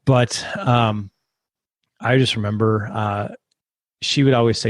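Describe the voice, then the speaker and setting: A man on a podcast as a guest, telling a personal story in an earnest, halting way with many restarts. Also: fairly low pitch, fairly even intonation, no echo.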